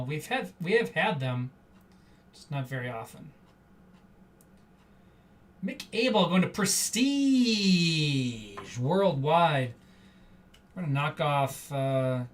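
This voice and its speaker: Rambling live card-break host, a bit off-mic. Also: medium pitch. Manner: rambling, off-the-cuff, chatty asides. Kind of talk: casual live-stream chatter while opening packs. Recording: slightly distant mic, faint background hum.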